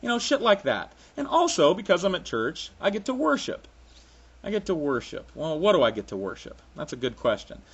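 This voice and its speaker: A man's voice: fairly high pitch, sing-song, brisk, slightly rough, dull audio. A man ranting sarcastically with frequent profanity, in a solo comic monologue. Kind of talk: sarcastic comic rant to camera.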